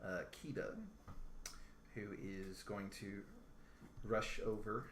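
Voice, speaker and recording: A man running a tabletop game as game master, talking casually with fillers and pauses. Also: lowish voice, little pitch movement. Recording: echoey room with background noise.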